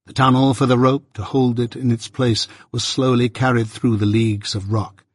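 A man giving a measured, earnest reading of a classic novel as an audiobook narrator. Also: mid-range voice, little pitch movement, no room sound, studio quality.

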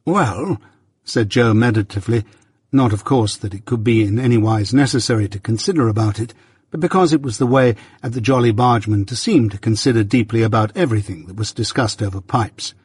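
A man narrating a novel as an audiobook reader, measured and literary. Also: on the low side, darkish tone, breathy edge, no room sound. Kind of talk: scripted narration.

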